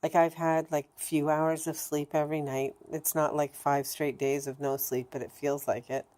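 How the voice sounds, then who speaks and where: A woman with a low, mellow voice talks straight to the camera in a candid video diary. She is blunt and swears freely. Her thoughts ramble, with frequent stops and restarts. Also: little pitch movement, normal speed. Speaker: vlogger.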